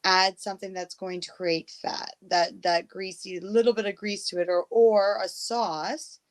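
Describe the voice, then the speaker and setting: A woman's voice: mid-range voice, steady tone, a little slow. A woman from Canada in a casual chat, matter-of-fact as she gives cooking tips. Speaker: guest.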